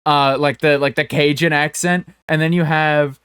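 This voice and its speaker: This podcast co-host, a Southern or Southwestern American man, talks at a normal speed in a slightly high, fairly bright, clean voice with a flat delivery. He's casual and opinionated, curses, and restarts often. There's no echo.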